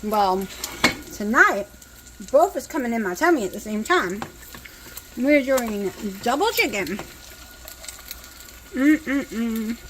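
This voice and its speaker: A woman's voice: fairly high pitch, big pitch swings, a little slow, long pauses, a bit bright, slight background noise, poor audio. A woman with a Southern US country accent, chatting casually and rambling as she cooks, sounding exhausted. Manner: chatty, rambling, talks with mouth full at times. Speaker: cooking vlogger. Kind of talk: casual chat while cooking. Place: home kitchen, indoors. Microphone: phone.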